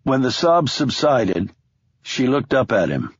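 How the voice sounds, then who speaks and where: Husky, expressive male audiobook narrator. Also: mid-range voice, no room sound, muffled recording. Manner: expressive, measured storytelling. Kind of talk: scripted thriller narration.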